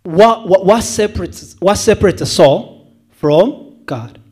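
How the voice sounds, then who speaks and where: A man's voice: sits high, expressive, slow, a little mellow, slightly rough. A male evangelist preaching a sermon to a church, asking the congregation questions and repeating words as he thinks.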